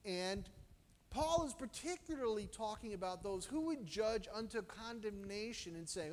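A man preaching a sermon as pastor, telling personal stories and swinging from loud to hushed. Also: high-pitched, normal speed, long reverb tail.

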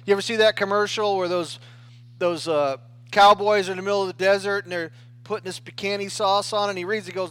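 A man with a high voice delivers a sermon in an easy, conversational way. He talks the way people do in everyday speech, restarting phrases and often pausing to check in with his listeners. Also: steady tone, a bit bright, no room sound. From United States. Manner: conversational preaching with frequent "right?" and restarts. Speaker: pastor.

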